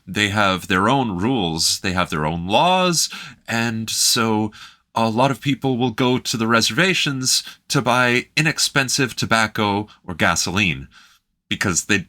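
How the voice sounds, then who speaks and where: Canadian guy, very bright tone, wry deadpan co-host. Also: fairly low pitch, unhurried. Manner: dry, wry asides. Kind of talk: casual reaction chat.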